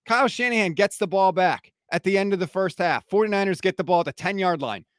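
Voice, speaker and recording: Male sports podcast host, high voice, heated post-game rant, dry close sound. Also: fast talker, dry recording. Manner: fired-up, heated ranting.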